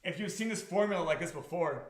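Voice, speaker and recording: A man hosting a livestream about his crypto project, talking to the chat in an excitable, profane, repetitive way. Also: sits high, fast talker, reverberant. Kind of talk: livestream talk to a chat audience.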